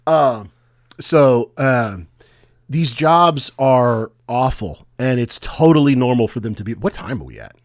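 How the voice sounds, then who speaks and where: Podcast co-host, young adult man, mid-pitched, animated storyteller who slips into shouting caller impressions; dry close sound. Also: unhurried, no echo. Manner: animated, acts out angry callers in raised voice. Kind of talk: casual storytelling chat.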